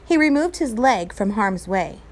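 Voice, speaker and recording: Woman teacher, reading a novel aloud, highish voice, very lively intonation. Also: measured pace.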